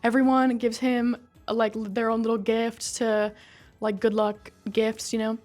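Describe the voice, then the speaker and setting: A woman with a fairly high voice tells a story in a loose, offhand way. She swears often and keeps tossing in "like" and "right?". Soft music plays faintly under her. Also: level tone, a little slow. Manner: chatty and profane, full of "like" and "right?". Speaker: video creator recapping a game story. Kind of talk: casual story recap.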